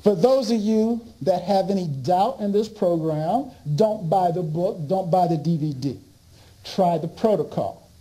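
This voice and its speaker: A man giving a lecture, telling an animated story and laughing along with it. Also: sits high, unhurried, low-quality recording.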